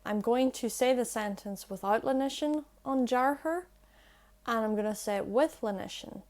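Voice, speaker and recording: A young woman explaining pronunciation to camera on her language channel. She is chatty and self-deprecating, and she slows right down to demonstrate sounds. She is recorded on an earphone mic plugged into her phone. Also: fairly high pitch, darkish tone. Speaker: language-learning YouTuber.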